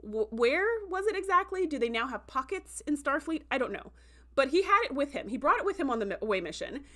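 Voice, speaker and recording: Woman, livestream reviewer, bright higher voice, chatty, lots of fillers, animated quotes. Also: a little fast. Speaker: show reviewer hosting a livestream. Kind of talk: casual livestream recap.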